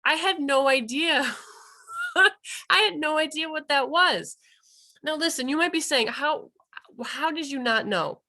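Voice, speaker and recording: Bright-voiced woman telling a lively story. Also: high voice. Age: 30s. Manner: lively storytelling, acting out quoted dialogue. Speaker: wildlife rehabilitator and vet tech presenter. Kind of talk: continuing education talk told as personal story.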